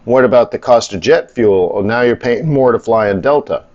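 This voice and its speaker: A man's voice: medium pitch, normal speed, darkish tone. A middle-aged man hosting a live trading stream. He talks in a rambling, blunt, casual way, grumbles and swears now and then. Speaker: live stream host, forex trader. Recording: slightly dull lo-fi audio.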